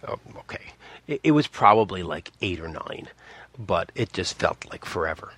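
With an expressive, slightly bright and slightly rough voice at normal speed, a Montreal man in his fifties shares a personal story. He rambles with many restarts and asides, acting out quoted people with big jumps in pitch.

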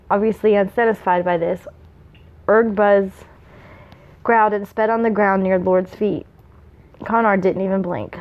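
A woman's voice: mid-range voice, steady tone, unhurried, pauses often, narrow, tinny audio. A woman reading fan fiction aloud, with small slips and asides. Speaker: reader.

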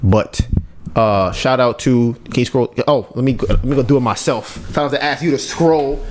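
A man's voice: medium pitch, moderate pace, background noise. A man hosting a podcast in casual chat, ranting and sarcastic, often repeating himself. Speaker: podcast host.

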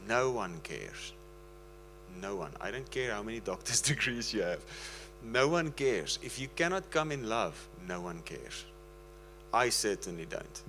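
A man's voice: lowish voice, very animated, moderate pace, bright, forceful tone, faint music behind, low-quality recording. Earnest pleading male preacher. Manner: earnest, pleading, breaks into laughter. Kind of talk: casual sermon talk.

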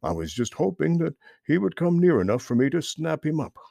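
Man playing a very old storybook frog, mild and slyly wise, gravelly, croaky lift. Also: on the high side, very animated, mellow, no room sound, clean studio sound, pitched above the performer's own voice, full character voice. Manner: mild, slow, sly.

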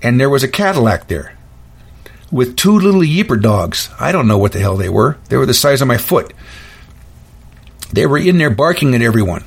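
Blunt, gruff male podcast host. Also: medium pitch, sing-song, normal speed, long pauses. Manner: blunt, opinionated storytelling. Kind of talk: casual monologue.

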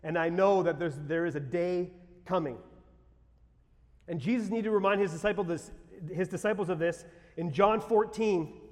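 A man preaching a sermon as pastor, conversational and exclamatory with sudden shouts. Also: high voice, normal speed. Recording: long reverb of a large hall.

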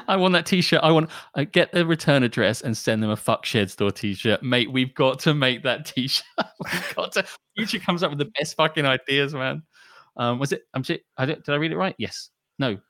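A man's voice: mid-range voice, moderate pace. A young man co-hosting a casual chat podcast, swearing freely and acting out mock arguments. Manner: animated, sweary, acts out mock dialogue. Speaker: podcast co-host.

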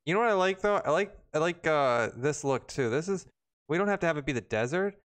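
A man's voice: fairly high pitch, animated, fairly quick, fairly bright tone. A man hosting a live-streamed show, chatting casually and laughing often. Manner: laid-back, laughing often. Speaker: podcast host.

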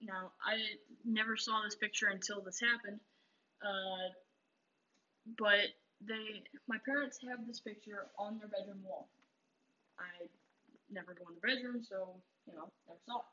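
Guy w a bright tense voice, kinda hesitant, lots of ums, muffled lo-fi audio. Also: high-pitched, steady tone, a little slow. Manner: hesitant, many fillers. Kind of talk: casual storytelling chat. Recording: dull lo-fi recording.

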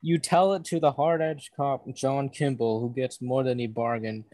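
A man's voice: medium pitch, normal speed. A man co-hosting a podcast over a video call, trading teasing jabs in casual chat. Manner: teasing, bickering, deadpan jabs. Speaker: podcast co-host.

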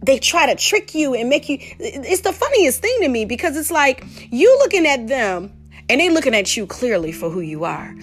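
Animated woman teaching scripture. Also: high voice, moderate pace, faint music behind. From Detroit, USA. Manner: animated, laughing, slangy storytelling. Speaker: podcast host. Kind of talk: casual Bible teaching.

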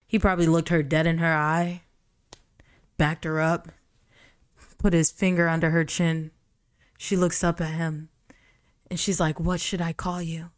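A woman's voice: low voice, little pitch movement, a little slow, long pauses. A young woman hosting a podcast, reading a book aloud and mocking it with profane, exasperated, sarcastic commentary. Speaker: podcast host.

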